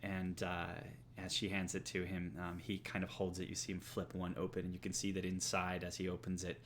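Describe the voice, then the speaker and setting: Deep-voiced man running a tabletop game. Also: fairly quick, slight background noise. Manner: relaxed, filler-heavy narration. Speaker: game master.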